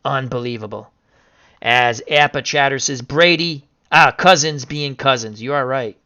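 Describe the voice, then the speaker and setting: A man calling simulated football results in a bright, forceful voice, swinging from chatty recaps to excited shouting. The audio is a little muffled and lo-fi. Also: mid-range voice, measured pace. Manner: excitable, bursts into shouting over upsets. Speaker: video game sim commentator. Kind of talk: casual play-by-play commentary.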